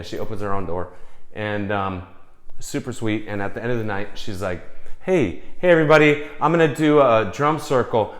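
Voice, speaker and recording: A man's voice: on the low side, reverberant. A man casually telling rambling, profane stories, acting out the voices of the people in them. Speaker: storyteller. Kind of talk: casual storytelling.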